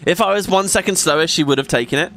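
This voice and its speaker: A man giving casual gameplay commentary as a let's play host, chatty and excitable, swearing often. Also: high-pitched, quick pace. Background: game music.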